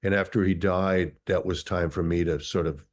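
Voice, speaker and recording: A man's voice: sits low, steady tone, moderate pace. A man around sixty, from Minnesota, speaking as an interview guest. He tells reflective, articulate stories. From Minnesota, USA. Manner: thoughtful, articulate, philosophical.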